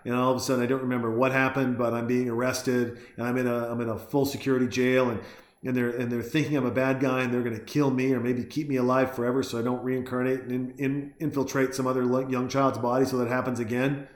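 A man's voice: medium pitch, level tone, fast talker, reverberant. A man casually reacting to a film at home over a beer, rambling, joking and swearing as he acts out lines. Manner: rambling, profane, jokey, acts out quotes. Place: home room.

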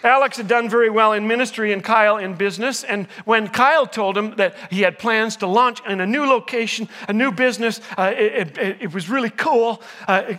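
An older man giving a humorous sermon to a live audience, telling jokes and stories and teasing the crowd when jokes fall flat. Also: high-pitched, a little fast, few pauses, big-room sound. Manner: jokey storyteller, teases the audience. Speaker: chapel speaker.

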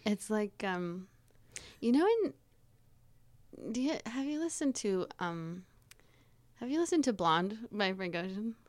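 A woman's voice: medium pitch, animated, measured pace, long pauses, no echo. A woman hosting a comedy podcast, chatting casually and laughing as she retells things. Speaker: podcast host. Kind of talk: casual chat.

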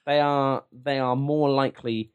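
A man's voice: mid-range voice, fairly even intonation, unhurried, smooth, highs cut off. A man hosting a podcast, chatting in a wry, joking way. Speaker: podcast host. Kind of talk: casual chat.

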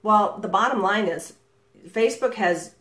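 A middle-aged woman coaching real estate agents in a live session over a video call, talking with lively inflection and energy and laughing often. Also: mid-range voice, a little slow. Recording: roomy echo.

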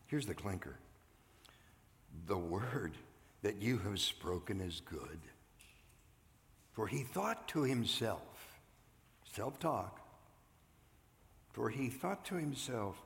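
An older man preaching a sermon, earnest, rising loud and then dropping to a hush. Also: lowish voice, lively intonation, slow pace, vocal fry, pauses often, long reverb tail. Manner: earnest, swings from loud to hushed. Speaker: pastor. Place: church sanctuary.

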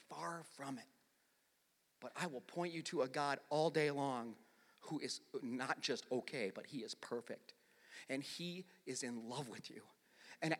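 High bright guy pastor preaching on stage, loud then quiet, big echoey church. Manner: impassioned, swings from loud to hushed. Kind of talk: sermon. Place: church sanctuary.

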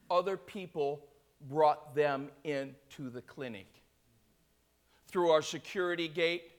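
A man preaching as a pastor, telling a story and swelling into shouts to call for praise from his listeners. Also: extremely high pitch. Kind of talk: sermon.

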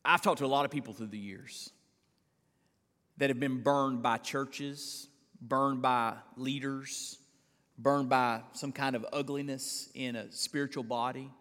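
A man preaching a sermon as pastor, emphatic and building to loud repeated declarations, with stumbles and restarts. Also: mid-range voice, fairly even intonation, a little slow, long reverb tail. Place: church sanctuary.

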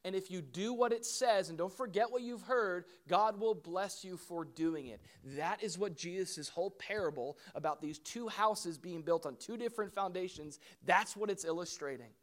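A middle-aged man, a pastor, preaching a sermon in an animated way, with questions and asides to the congregation. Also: sits high, normal speed, hardly any pauses.

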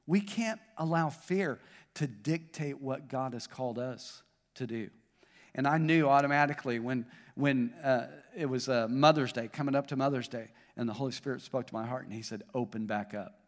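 A man's voice: mid-range voice, normal speed. A man pastor with a Southern US accent, preaching a sermon to his congregation, building up in intensity and then joking with the crowd. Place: church auditorium. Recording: long hall reverb.

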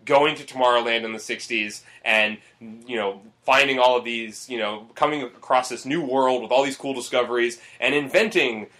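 A man's voice: mid-range voice, moderate pace, hardly any pauses, bright, forceful tone. A man hosting a casual movie podcast, rambling and swearing, with lots of fillers. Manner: rambling, profane, full of fillers. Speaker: podcast host.

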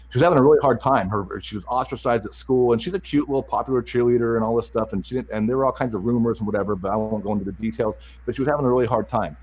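A middle-aged man telling a story as a guest in a casual chat, animated, repeating words and acting out the dialogue. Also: fairly low pitch, husky, low-quality recording.

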